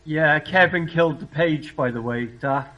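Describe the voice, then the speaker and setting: A man in a casual voice chat, chiming in quickly and casually. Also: on the high side, bright, forceful tone. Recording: dull lo-fi mic.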